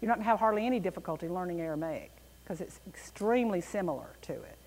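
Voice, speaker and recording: A woman teaching a Bible class in an animated, emphatic way, with a reverberant room around her. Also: on the low side, fast talker.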